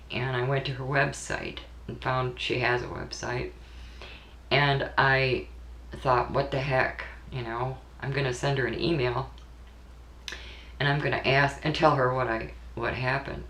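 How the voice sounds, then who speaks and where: A mother telling a deeply personal story in an earnest, emotional way, often repeating her words. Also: a bit bright. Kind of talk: personal spoken recollection. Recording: echoey room recording.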